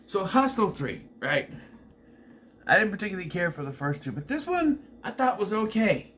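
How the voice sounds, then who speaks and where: A man's voice: high-pitched, very animated, normal speed, a bit bright, slight background noise. A man casually reviewing a horror movie, rambling and offhand, swearing freely as he recaps the plot.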